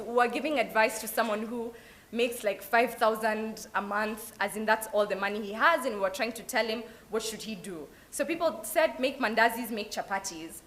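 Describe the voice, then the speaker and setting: A young Kenyan woman giving a lively motivational talk at an open day, mixing in Swahili phrases. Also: fairly high pitch. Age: young adult. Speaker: alumna speaker. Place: event hall at an open day.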